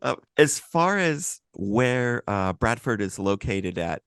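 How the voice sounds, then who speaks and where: Low-voiced southern guy hosting a podcast, asks quick questions, dry mic. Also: big pitch swings, creaky, a bit bright, clean tone, dry recording. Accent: American Southern. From United States. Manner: brief, curious questions and short agreements. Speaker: podcast host. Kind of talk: casual podcast chat.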